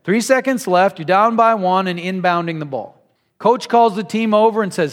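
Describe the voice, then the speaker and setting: A man preaching a sermon, telling stories in a conversational, animated way. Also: high-pitched, normal speed, in a large hall. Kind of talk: sermon with storytelling.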